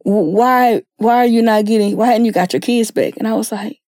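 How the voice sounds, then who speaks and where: A woman's voice: a little high, a little fast, darkish tone, no echo, studio quality. A middle-aged woman, telling her personal story with earnest feeling and acting out the people she quotes. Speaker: guest sharing her story. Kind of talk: emotional personal testimony.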